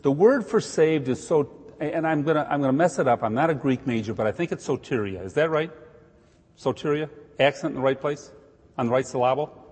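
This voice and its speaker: A man's voice: mid-range voice, quick pace, darkish tone, slightly rough, long reverb tail. A man giving informal Bible teaching with a conversational manner, jokey asides and emphatic stresses.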